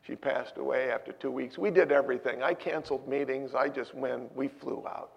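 Gravelly-voiced pastor preaching in a hall. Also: male voice, mid-range voice, fairly even intonation, fairly quick, highs cut off. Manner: emphatic preaching that drops to soft personal storytelling. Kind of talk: sermon.

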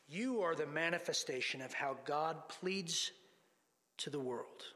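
A man's voice: fairly high pitch, a little slow, sharp tone. A man preaching a sermon to a congregation, teaching lessons from scripture and reading passages aloud. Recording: long hall reverb.

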